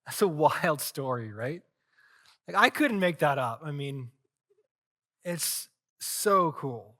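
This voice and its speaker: A man preaching a sermon as pastor, telling a story earnestly with dramatic swings in loudness. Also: fairly high pitch, very animated, slow pace, pauses often.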